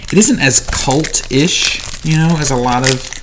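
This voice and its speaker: A man's voice: mid-range voice, a little slow, noisy background. A man who collects movies, chatting casually and rambling in a haul vlog while he unboxes discs in a small home studio.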